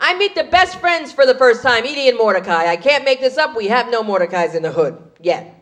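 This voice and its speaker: Brash woman stand-up comic, a little high. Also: a little fast. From USA. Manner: brash, storytelling, animated. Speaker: stand-up comedian. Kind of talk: stand-up comedy.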